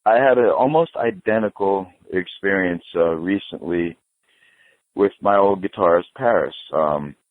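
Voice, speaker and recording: A man, a podcast guest, telling a story in casual chat, animated and profane, laughing through it. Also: deep voice, measured pace, no room sound, narrow, tinny audio.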